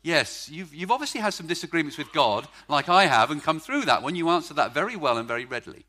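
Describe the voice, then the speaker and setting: A middle-aged man preaching a sermon at a church service, emphatic, stretching key words and swinging from loud to quiet. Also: on the high side, sing-song, fast talker.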